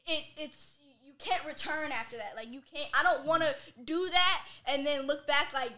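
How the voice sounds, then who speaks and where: A woman's voice: sits high, moderate pace, few pauses, sharp tone. A young adult woman talking as a podcast guest in casual chat, loose and profane, leaning heavily on filler words.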